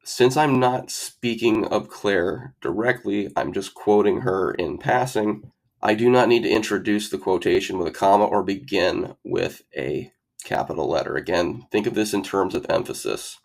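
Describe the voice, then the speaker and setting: A low-voiced man with a gravelly, fry-laced tone walks through test grammar rules step by step. He keeps a methodical tutoring pace and slips in dry, wry asides. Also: normal speed. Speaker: SAT tutor. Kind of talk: explaining grammar rules over slides.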